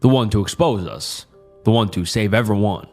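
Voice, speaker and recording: A man voicing a cruel masked male cult leader with a put-on Southern accent, speaking with quiet, level malice. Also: fairly low pitch, moderate pace, faint music behind, voice pushed down. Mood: quiet menace.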